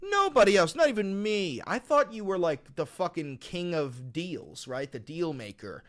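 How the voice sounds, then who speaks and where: A man in a fired-up commentary rant. His voice sits on the higher side and swings wildly in pitch. He swears constantly and turns sarcastic, then jumps to near-shouting disbelief. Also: very animated, normal speed. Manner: profane, sarcastic, rising to shouted outbursts. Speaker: political commentary host. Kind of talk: ranting commentary reading a statement aloud. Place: New York.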